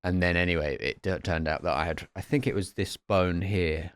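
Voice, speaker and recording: A man's voice: low-pitched, fairly even intonation, moderate pace, clear, resonant tone, dry recording, studio quality. A man co-hosting a comedy podcast, telling rambling anecdotes with self-corrections. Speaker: podcast co-host. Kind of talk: casual comedic chat.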